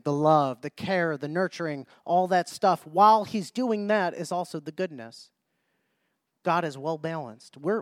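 A man with a notably high voice preaches a sermon, pressing listeners with rhetorical questions and repeatedly restarting and circling back on his own phrases. He reads scripture in old-fashioned biblical wording. The sound is dry and close, with no room or echo around it.

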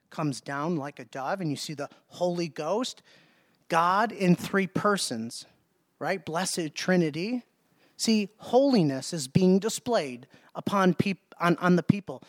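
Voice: mid-range voice, lively intonation, a little slow, no echo. A preacher giving a sermon, speaking emphatically, asking rhetorical questions and repeating words.

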